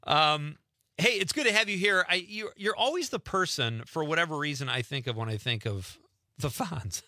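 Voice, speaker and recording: A man's voice: a little high, lively intonation, normal speed, sharp tone, no room sound, clean studio sound. A man hosting a radio show in casual chat, talking loosely and laughing easily. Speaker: radio host.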